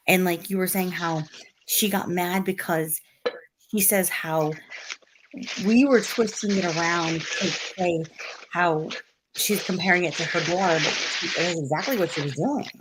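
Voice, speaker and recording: A woman with a low-pitched voice talks with a livestream co-host, heated and emphatic, circling back on her own words. There is steady noise and clicking behind her. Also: moderate pace. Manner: heated, repetitive, emphatic venting. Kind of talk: casual livestream chat.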